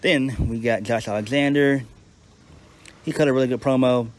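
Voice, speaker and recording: A wrestling show reviewer gives a casual, unscripted recap, blunt and profane, often restarting his sentences. He has a mid-range voice with a steady tone and a moderate pace.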